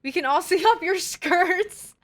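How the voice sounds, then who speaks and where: Thanking her viewers on a live stream, this young woman gushes and exclaims in an extremely high, lively voice at a measured pace. Loud music plays behind her, with slight background noise.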